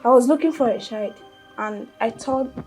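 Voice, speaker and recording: A Nigerian woman playing a scheming nurse and adoptive mother, shrill and accusing. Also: normal speed, darkish tone, lightly acted, rough recording. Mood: confessing. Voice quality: shrill, pidgin-tinged accusing. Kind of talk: Nollywood film acting. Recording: film soundtrack with music underneath.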